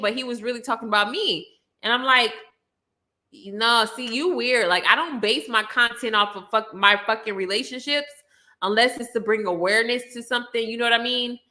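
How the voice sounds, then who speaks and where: A young woman with a bright, fairly high voice tells her story in a blunt, profane rant. She leans hard on emphasis and talks straight to her viewers. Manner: blunt, heavy swearing, emphatic. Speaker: channel host.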